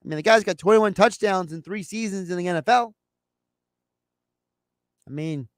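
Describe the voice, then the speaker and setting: A man's voice: sits high, moderate pace, pauses often, no echo, clean studio sound. A man hosting a sports talk show, giving his take in a loose, conversational way and acting out imagined phone calls.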